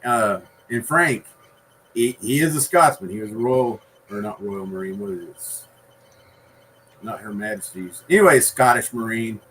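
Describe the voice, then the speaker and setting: A man, a guest author, chatting on a podcast in an unhurried, rambling way with many fillers. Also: fairly low pitch, fairly bright tone, a little hiss or hum, low-quality recording. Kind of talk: casual podcast conversation.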